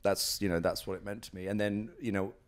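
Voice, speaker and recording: A man's voice: on the low side, steady tone, fast talker. A British man talking at home in an interview, rambling with lots of fillers and acting out what people said. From Britain. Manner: rambling, many fillers and restarts, acts out quotes. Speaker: guest, professional wrestler. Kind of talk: casual interview storytelling. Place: at his house.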